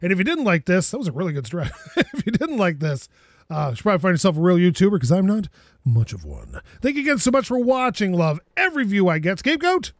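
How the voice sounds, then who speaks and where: A man giving casual gameplay commentary at home, excitable, laughing, swearing and talking to objects in the game. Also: high voice, quick pace, no room sound, clean studio sound. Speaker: gaming YouTuber.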